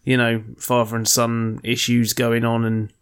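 A man's voice: medium pitch, monotone, unhurried, smooth. A man co-hosting a podcast in casual chat, rambling, joking and swearing freely. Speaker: podcast co-host.

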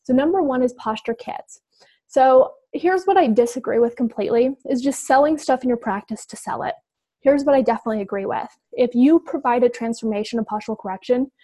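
A woman giving an energetic, direct instructional talk to healthcare providers, addressing them as "you guys". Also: a little high, no room sound, poor audio. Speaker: business coach for healthcare providers.

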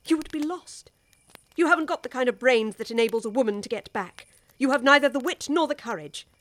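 An actress with an English accent playing a worldly older woman who urgently pleads with a young wife, in a radio drama. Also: high-pitched.

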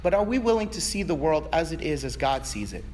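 A man preaching a sermon, swinging between fervent shouting and quiet, conversational asides. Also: fairly high pitch, sing-song, brisk, a little hiss or hum. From Virginia, USA. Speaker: pastor.

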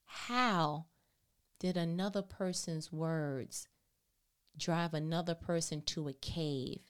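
A woman podcast host reading Bible verses aloud and calling out verse numbers, then breaking into animated, playful commentary with casual slang. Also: low voice, slow pace, clean tone.

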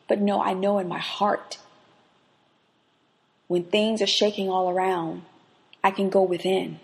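A woman hosting a faith podcast, who moves between quiet reflection and lively personal stories as she teaches. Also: mid-range voice, a little slow. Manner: expressive, swings from hushed reflection to lively anecdote. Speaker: podcast host and Bible teacher. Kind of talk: devotional teaching with personal storytelling.

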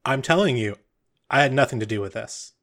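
A man's voice: mid-range voice, expressive, fairly quick, a bit bright. A man voicing a shifty, defensive young man in a tabletop game, pleading and evasive.

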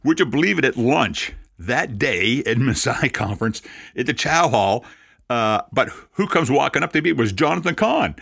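Bright-voiced older rabbi preaching. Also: male voice, medium pitch, moderate pace, vocal fry, husky, dry recording. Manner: animated storytelling with dry self-mocking asides. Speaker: Messianic rabbi. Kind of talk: sermon.

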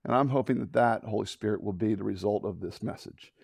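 A man preaching a sermon, telling a Bible story with lively acted-out voices and closing in a hushed prayer. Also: on the low side, fairly quick, creaky, husky, no echo, studio quality. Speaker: pastor.

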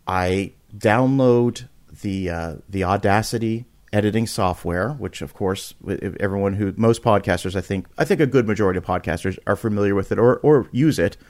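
A man guest on a podcast, telling a story in a casual, animated way, often restarting and repeating words and acting out quotes with big jumps in pitch. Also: moderate pace, hardly any pauses.

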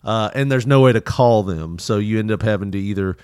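A man's voice: on the low side, a little fast, a little mellow, clear, resonant tone, no room sound, studio quality. A man in casual podcast chat, telling loose rambling travel stories with frequent laughter and swearing.

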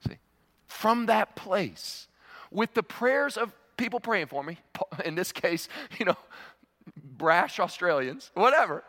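A man's voice: sits high, lively intonation, takes it slowly, long pauses, pushed and bright. A man preaching a sermon as pastor, mixing teaching with storytelling and stammered restarts. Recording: long hall reverb.

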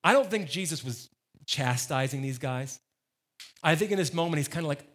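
A man's voice: on the high side, animated, moderate pace, a bit bright. A man preaching a sermon as the church's pastor, emphatic and conversational, repeating phrases for stress.

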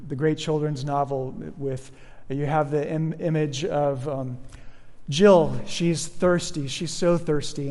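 Conversational male pastor, echoing sanctuary. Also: on the high side. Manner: conversational, with frequent restarts and soft fillers. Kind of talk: sermon. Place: church sanctuary.

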